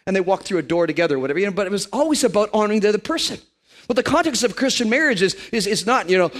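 A man in his fifties preaching a lively, joking sermon to a congregation in a church. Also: high-pitched, rapid-fire. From Canada. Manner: animated, joking, playful put-on voices.

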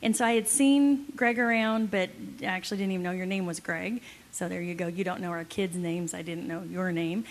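A woman telling an amused, lively story to an audience alongside her husband. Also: mid-range voice, moderate pace. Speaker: wife co-presenting with her husband.

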